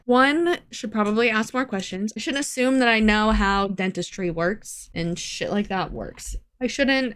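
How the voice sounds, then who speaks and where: A woman's voice: medium pitch, clear, resonant tone. A young adult woman telling a personal story in a casual vlog, candid and sweary, laughing as she vents. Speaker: vlogger.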